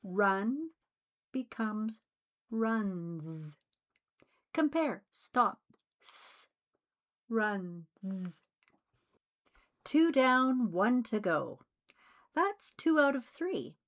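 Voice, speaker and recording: A woman teaching English pronunciation in a slow, scripted way, carefully enunciating each sound. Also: on the high side, very animated. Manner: deliberate, carefully enunciated delivery.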